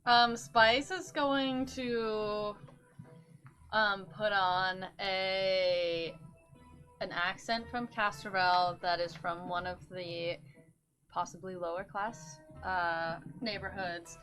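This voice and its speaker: A woman playing a tabletop game, talking slowly and hesitantly with fillers. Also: medium pitch, steady tone, fairly bright tone, soft background music. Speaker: player.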